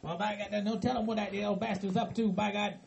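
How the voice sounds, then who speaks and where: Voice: medium pitch, flat delivery, fast, gravelly, darkish tone, close to an everyday voice. A performer voicing an eager, dim hillbilly man who drawls and stammers in a comedy skit. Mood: riled up. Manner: drawling, stammering, says "by God".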